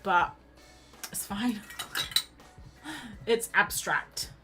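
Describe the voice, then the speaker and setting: An art streamer chats and rambles while she paints, chatty and self-deprecating throughout. Her voice is medium-pitched and she talks extremely slowly, with music underneath and low-quality audio.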